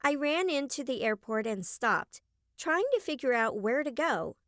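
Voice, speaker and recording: Higher-voiced woman narrating a novel. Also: lively intonation, unhurried, fairly bright tone, no echo, clean studio sound. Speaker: audiobook narrator. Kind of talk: first-person novel narration.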